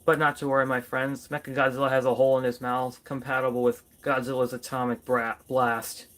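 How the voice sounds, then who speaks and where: A man's voice: mid-range voice, little pitch movement, fairly quick, a bit bright. A man doing a casual toy review vlog, playfully chatting to his figures as if they were people.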